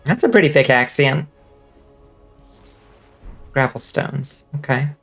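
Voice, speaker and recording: Woman streamer, casual and chatty, from the US South, quick to laugh, game music behind. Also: deep voice. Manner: chatty, swears freely, laughs often. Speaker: vtuber streamer. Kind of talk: casual gaming stream chat.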